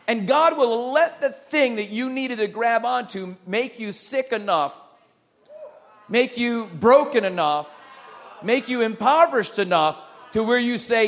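A man with a high-pitched voice delivers a sermon as a pastor. He preaches emphatically, hammering home his points with repeated phrases and calls of amen. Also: measured pace, fairly bright tone.

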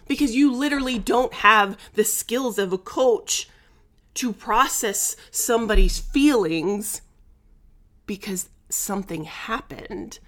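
Woman coach vlogging, talks slow and drawn out, blunt and animated, laughs a lot. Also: on the high side. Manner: emphatic and animated, with blunt slang; laughs between points. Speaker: life coach. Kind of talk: candid talking-head vlog.

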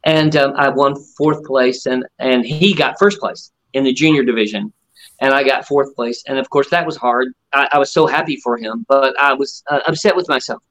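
A man's voice: medium pitch, moderate pace, a bit bright, poor audio. A middle-aged man and ventriloquist guest, telling stories in a casual interview and acting out other people's lines with animation.

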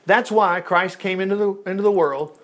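A man's voice: high voice, normal speed, fairly bright tone. A man preaching an informal Bible-study sermon, reading scripture aloud and breaking off with folksy comments.

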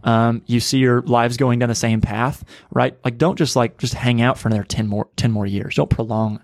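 A male pastor co-hosting a casual podcast talks through his ideas earnestly, pausing on fillers and restarts. His voice sits at an ordinary middle pitch, and it is recorded in a dry, close setting with little room sound. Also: steady tone, a little mellow, no room sound. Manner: earnest, conversational, frequent fillers.

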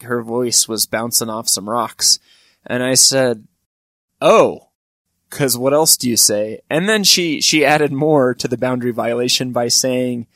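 A middle-aged man telling funny personal stories, with wry asides and sudden high-pitched emphasis. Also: a bit bright, no echo, clean studio sound. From Wyoming. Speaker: storyteller. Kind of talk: comic personal storytelling.

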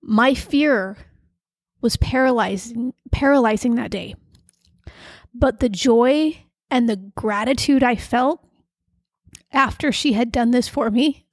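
A middle-aged woman host telling personal stories in an earnest, confiding way, with soft fillers between thoughts. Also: a little high, slow, long pauses, dry recording, clean studio sound. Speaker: podcast host and emotional coach. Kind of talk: personal storytelling monologue.

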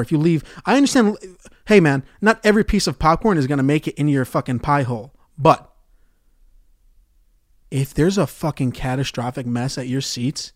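A young man hosting a solo podcast, swearing and ranting sarcastically about his movie theater job, going from loud outbursts to quiet mutters. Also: mid-range voice, no echo, studio quality. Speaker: podcast host.

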